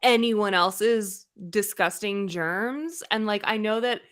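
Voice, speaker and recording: Young woman cohost, bright sharp voice, animated and blunt, swears a lot. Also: mid-range voice, takes it slowly. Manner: animated, acts out quoted people, swears casually. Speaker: co-host. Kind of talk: casual live-stream chat.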